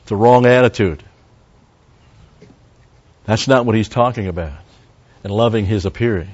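A man's voice: fairly low pitch, moderate pace, darkish tone, breathy edge, lo-fi sound. A man preaching a verse-by-verse sermon as a Bible teacher, talking conversationally, stopping for Hebrew word study and making wry asides to the congregation.

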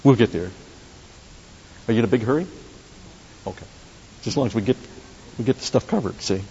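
Speaking a little fast in a mid-range, dark voice, a male pastor delivers a conversational sermon full of asides and restarts before leading the congregation in prayer. It's captured in a dull, roomy hall with a faint hiss.

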